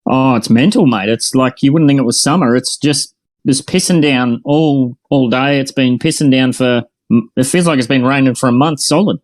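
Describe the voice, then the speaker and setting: A man's voice: medium pitch, normal speed, dry recording. An Australian man hosting a casual online voice-chat show, laid-back and chatty, calling people mate. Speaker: host.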